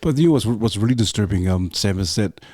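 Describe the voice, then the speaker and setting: A man hosting an interview, halting as he frames his points, with many fillers and restarts. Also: on the low side, animated, darkish tone, no room sound. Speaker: interview host. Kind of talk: conversational interview.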